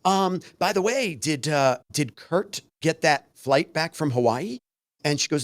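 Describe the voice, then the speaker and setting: A man's voice: a little high, unhurried, no room sound. A man co-hosting a casual podcast chat, telling stories and acting out the voices of the people in them. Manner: animated storyteller, acts out quoted voices. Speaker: podcast co-host.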